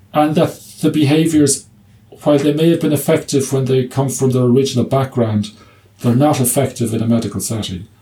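A middle-aged man, a doctor, talks through his clinic work in a relaxed interview. His voice is warm and mellow, and he often trips over restarts before settling into stories told with dry humour. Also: mid-range voice. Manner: hesitant restarts, anecdotes with quoted dialogue and humour. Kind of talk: conversational interview answer.

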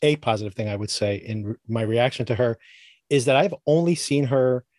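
A man's voice: medium pitch, fairly even intonation, fairly quick, darkish tone, no room sound. A man co-hosting a podcast, chatting casually and giving rambling, opinionated takes on a TV show. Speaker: podcast co-host. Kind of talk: casual chat reviewing TV.

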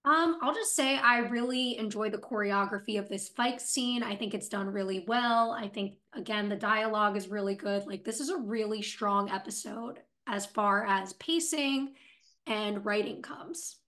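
A woman's voice: medium pitch, moderate pace, a bit bright. A woman co-hosting a podcast, chatting casually and reflecting thoughtfully on characters and their grief. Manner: reflective, analyzes characters' feelings. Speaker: podcast co-host. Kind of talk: casual TV recap chat.

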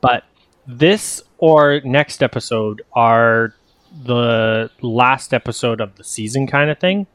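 A man running a tabletop game as game master, explaining rules in a relaxed, rambling way with many fillers. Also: mid-range voice, takes it slowly, no echo.

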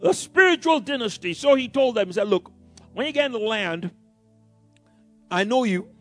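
A man preaching a sermon, emphatic, swinging from loud exclamations to quiet asides. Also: high voice, animated, normal speed, soft background music.

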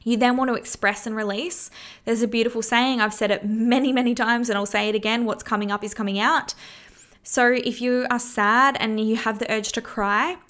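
A woman's voice: a little high, steady tone, moderate pace, fairly bright tone. Earnest woman coaching through emotions. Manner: earnest, coaching, swears casually. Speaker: podcast host. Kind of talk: casual self-help monologue.

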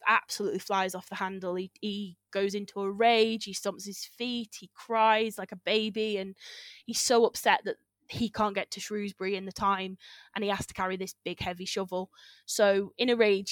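A woman guest spinning a local legend in casual talk. She is chatty and giggly, with fillers and quick self-corrections. Her voice is mid-pitched and sounds dry and close, with no room echo. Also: steady tone, a bit bright. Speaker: storyteller guest. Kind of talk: casual oral storytelling.

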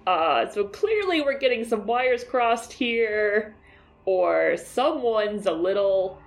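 A woman's voice: medium pitch, expressive, takes it slowly. A woman playing a tabletop game, speaking in character with bold, blunt joking. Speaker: player. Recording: faint music behind.

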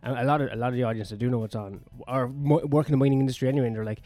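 A man's voice: medium pitch, rapid-fire, hardly any pauses, dark tone, no room sound, soft background music. A man ranting in a sweary, sardonic, rambling monologue as a comedian vlogging on his own.

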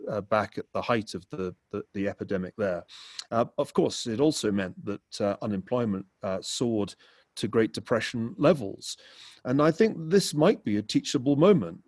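A man with a husky, slightly breathy voice speaks in a dry, close setting. He talks at a measured pace and fills his pauses with "uh" as he builds his points. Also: on the low side, darkish tone, no echo. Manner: measured, with frequent uh fillers. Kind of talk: panel discussion.

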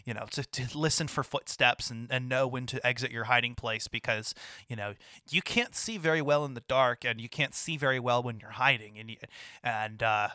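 A man's voice: medium pitch, moderate pace, sharp tone, clean tone, no room sound, clean studio sound. A man in casual conversation about a video game, talking in loose rambling runs with frequent restarts and laughter. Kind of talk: casual gaming chat.

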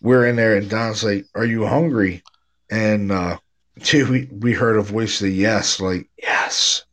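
A man's voice: on the low side, steady tone, unhurried. A man hosting a podcast, telling ghost stories in a laid-back, casual way, with a stuffy nose and lots of "man" and "dude.". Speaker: podcast host, paranormal investigator. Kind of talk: casual chat.

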